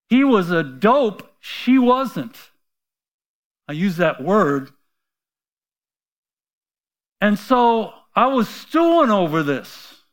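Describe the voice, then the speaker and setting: A middle-aged man preaching a sermon, telling a personal story and acting out the quoted voices, swinging between quiet asides and loud outbursts. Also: high voice. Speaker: pastor.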